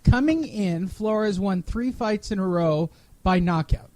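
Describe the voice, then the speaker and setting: A man with a notably high voice hosts a casual podcast, reading an article aloud and stopping to mock its typos with profane sarcasm. The recording is close and dry, with no room sound. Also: unhurried, darkish tone, no room sound, low-quality recording. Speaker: podcast host.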